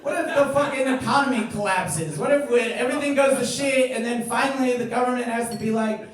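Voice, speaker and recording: A young adult man doing a stand-up set, ranting and swearing, building to loud indignant outbursts. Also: very high-pitched, fairly quick. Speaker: stand-up comedian. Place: comedy club stage. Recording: echoey room, far from mic, crowd laughing.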